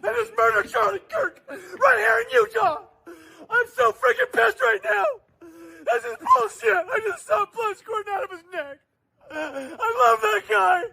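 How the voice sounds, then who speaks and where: A man yelling through tears from inside his car, his voice cracking up into a very high, gravelly, piercing shriek. He sobs and shouts in furious bursts. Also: measured pace, low-quality recording. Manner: ranting and yelling, sobbing. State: crying while shouting. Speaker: angry bystander filmed in a car. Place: inside a car while driving.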